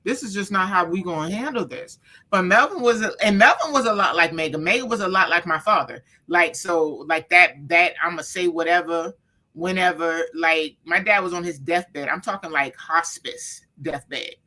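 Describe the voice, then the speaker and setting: A woman's voice: on the low side, moderate pace. A woman, an author guest, telling family stories in casual chat and acting out the quotes. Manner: animated storyteller, acts out quotes.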